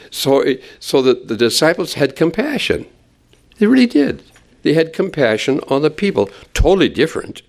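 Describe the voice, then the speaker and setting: A man's voice: medium pitch, vocal fry. A man teaching through a Bible passage in an expository sermon, acting out quoted lines with conversational asides.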